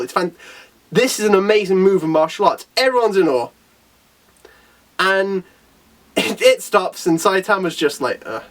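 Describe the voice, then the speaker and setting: A man walks through a comic chapter with real excitement, his pitch leaping up and down as he laughs and briefly acts out the characters. He sits a little back from the mic. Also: recorded from a distance. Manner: animated, laughs often, quotes characters in little voices. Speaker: anime reviewer. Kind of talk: excited casual chat.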